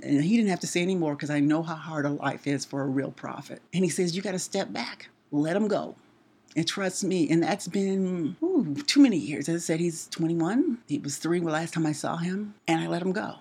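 A middle-aged woman delivers a heartfelt sermon in a husky voice that rises to forceful, emphatic peaks. She preaches with passion and speaks from personal experience. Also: fairly low pitch, moderate pace. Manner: impassioned, rising to emphatic peaks.

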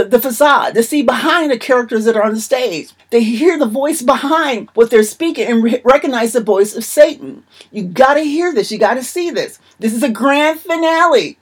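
A woman's voice: on the high side, animated, normal speed, hardly any pauses, breathy edge. A woman preaching a sermon in an emphatic, repetitive manner.

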